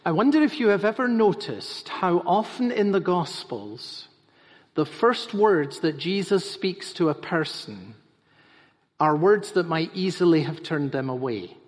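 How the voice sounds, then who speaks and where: A man's voice: high-pitched, lively intonation, a little slow. A man preaching a sermon as pastor, emphatic and repeating phrases for stress. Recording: reverberant hall.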